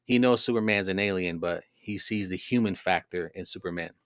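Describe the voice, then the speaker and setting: Podcast host, male, low register, loose rambling delivery, dry close mic. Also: brisk, fairly bright tone, dry recording. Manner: rambling, filler-heavy storytelling. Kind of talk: casual monologue.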